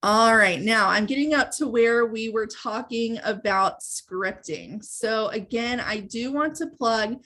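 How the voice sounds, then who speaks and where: A woman's voice: fairly high pitch, measured pace, few pauses, a bit bright. A woman hosting a live training webinar, explaining step by step in a conversational way. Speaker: webinar host and sales trainer.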